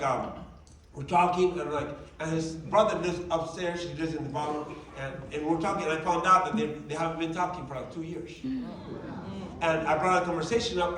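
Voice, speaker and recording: A man's voice: on the high side, a little hiss or hum. A man giving a motivational talk to a group, telling stories and acting out the dialogue. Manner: animated, acts out quoted dialogue. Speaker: motivational speaker. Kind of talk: storytelling presentation. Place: large meeting room. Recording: echoey hall, distant mic.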